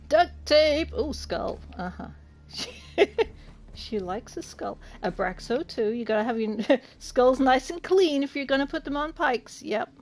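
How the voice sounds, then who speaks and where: Unhurried chatty woman streamer. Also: on the high side, a little mellow. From United Kingdom. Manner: chatty, laughs often, talks to chat while looting. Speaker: game streamer. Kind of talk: casual gaming livestream chat.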